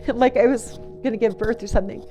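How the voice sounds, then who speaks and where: Halting middle-aged woman telling her story. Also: on the high side, warm tone. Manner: halting, full of "you know" and restarts, laughs between phrases. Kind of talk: personal storytelling monologue.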